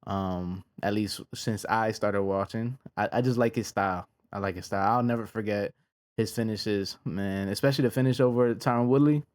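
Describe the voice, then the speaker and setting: A man casually reviewing fight results in a laid-back, slangy way, with frequent pauses. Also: on the low side, a little mellow. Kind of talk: casual reaction commentary.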